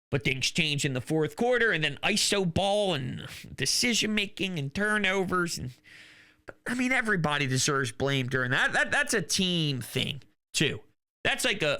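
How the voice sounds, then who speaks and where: A man hosting a casual solo sports talk show, rambling and getting worked up as he goes. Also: fairly high pitch. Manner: rambling, excitable, gets worked up. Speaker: sports podcast host.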